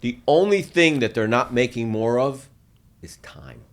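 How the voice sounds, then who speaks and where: A man's voice: mid-range voice, lively intonation, a little slow. An older man hosting a casual podcast conversation, speaking emphatically and often checking in with "okay?". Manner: emphatic, punctuates points with "okay?". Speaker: podcast host.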